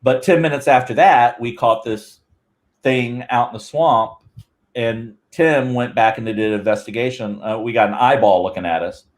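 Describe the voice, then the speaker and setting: Man, podcast guest, animated rambling storyteller, medium pitch, casual chat. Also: moderate pace. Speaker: guest Bigfoot researcher.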